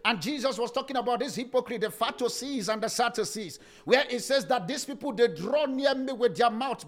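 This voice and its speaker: A man preaching a sermon with passion, swinging into sing-song cadences and rising to shouts. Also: very high voice, a little fast, hardly any pauses.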